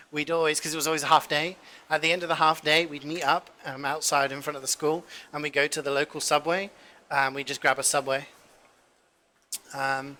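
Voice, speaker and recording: A man's voice: fairly high pitch, sharp tone. A young man telling a rambling story while cooking on a stream, full of fillers. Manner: rambling, filler-heavy, swears casually.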